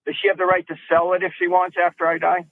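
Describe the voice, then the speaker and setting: A man's voice: high voice, completely flat delivery, quick pace, fairly bright tone, no echo. A man calling in to an advice show, asking a question in a hesitant and unsure way. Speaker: caller. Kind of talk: phone-in question. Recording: tinny phone line.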